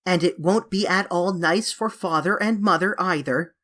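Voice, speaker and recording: A woman's voice: fairly low pitch, normal speed, a bit bright. A woman voicing an eager, coaxing young English girl who pleads dramatically, in a storybook reading. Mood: pleading.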